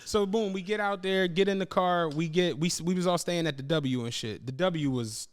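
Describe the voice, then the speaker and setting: A man's voice: sits high, normal speed, clear, resonant tone. A young adult man hosting a podcast, telling a travel story in casual chat, acting out his friends' lines and swearing freely. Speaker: podcast host.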